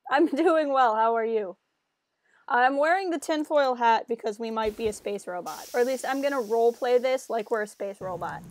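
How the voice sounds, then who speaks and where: A woman's voice: on the high side, moderate pace, dry recording. Giggly woman streamer chatting with viewers. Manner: giggly, chatty, self-mocking. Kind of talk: casual live-stream chat.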